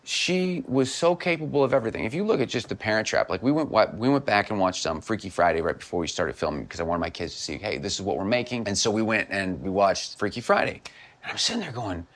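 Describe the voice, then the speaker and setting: Animated man in his forties. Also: lowish voice, fast talker. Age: 40s. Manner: earnest, animated storytelling. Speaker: actor, guest. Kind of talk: casual chat, storytelling.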